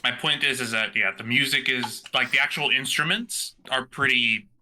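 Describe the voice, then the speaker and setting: A man rambles through casual podcast chat, filling his speech with "like". His voice is very bright and sharp at a medium pitch. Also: normal speed, a little hiss or hum, poor audio. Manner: rambling, heavy use of "like". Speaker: player.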